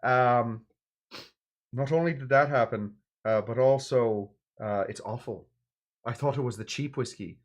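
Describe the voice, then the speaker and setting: Male livestream host, middle pitch, rambling, hesitant, blunt, casual chat. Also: a little slow. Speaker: livestream drinks show host.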